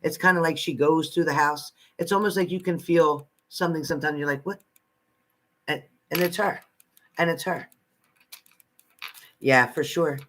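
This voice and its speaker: A man's voice: fairly high pitch, steady tone, moderate pace, fairly bright tone. A man giving live psychic readings to viewers from home in a chatty manner, repeating phrases and calling people by name. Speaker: psychic reader.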